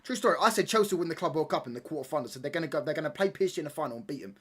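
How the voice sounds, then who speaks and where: A man's voice: on the high side, lively intonation, very fast, a bit bright, husky. Rambling man bantering with chat. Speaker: livestream watchalong host. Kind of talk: casual chat with a live stream chat.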